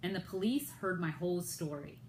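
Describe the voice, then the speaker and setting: A woman's voice: on the low side, fairly quick, darkish tone. American lady doing a storytime vlog, fired up, kinda echoey room w/ faint hiss. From United States. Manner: indignant retelling, quoting others in raised voices. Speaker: vlogger.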